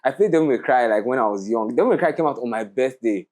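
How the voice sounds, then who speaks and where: A man's voice: mid-range voice, lively intonation, fast talker, a little mellow. A young man co-hosting a podcast in a studio, opinionated and prone to rants, laughing often. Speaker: podcast co-host. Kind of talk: casual podcast chat.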